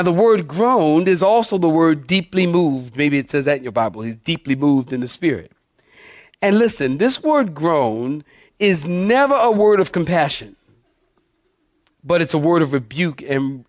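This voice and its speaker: A man's voice: fairly high pitch, no room sound, studio quality. A male pastor preaching a sermon, emphatic, often asking the congregation if they follow. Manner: asks the congregation for responses, emphatic.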